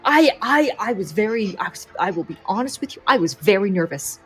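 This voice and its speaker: A woman's voice: mid-range voice, animated, a little fast, faint music behind, lightly acted. A woman voicing a female squadron commander in a tabletop game, who gushes breathlessly over her pilots. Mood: elated. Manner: breathless, effusive, stammering.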